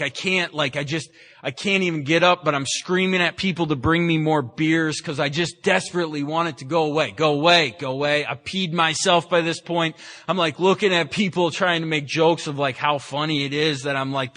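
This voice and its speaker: A man's voice: a little high, fairly even intonation, normal speed, pushed and bright. A man giving a candid, self-mocking personal recovery talk at a meeting, telling his story with many restarts. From San Francisco, California. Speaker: AA meeting speaker. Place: meeting room.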